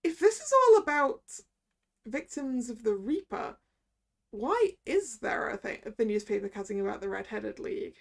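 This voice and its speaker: A woman's voice: a little high, big pitch swings, moderate pace, creaky. A woman streamer chatting and reading game dialogue aloud. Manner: chatty asides. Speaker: let's play streamer.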